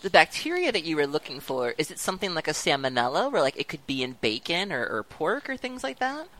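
A woman's voice: low voice, sing-song, fast talker, fairly bright tone, poor audio. A woman hosting a podcast, steering the conversation and checking she understands. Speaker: podcast host. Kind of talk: casual podcast chat.

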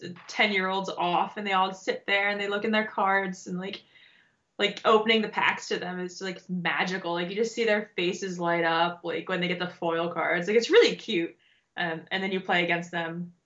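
Bright chatty young woman, lo-fi sound. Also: on the low side, moderate pace. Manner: chatty, laughs a lot, animated storytelling with many fillers. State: pregnant. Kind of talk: casual chat. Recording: dull lo-fi audio.

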